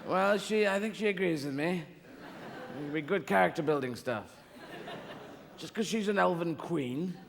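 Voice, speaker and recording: A man's voice: a little high, normal speed, gravelly, pauses often. A man playing God the Father as a lazy, pompous old man in a plummy, drawling film-star impression, with a long echo and background noise around him. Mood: offhand. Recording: live hall with long reverb and noise.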